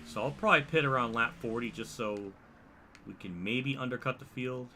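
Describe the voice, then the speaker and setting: A man's voice: medium pitch, normal speed, bright, forceful tone. A young man live-streaming a racing game, commenting on the race and joking with his chat, often laughing. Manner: laid-back, laughing banter with chat. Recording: faint game noise behind.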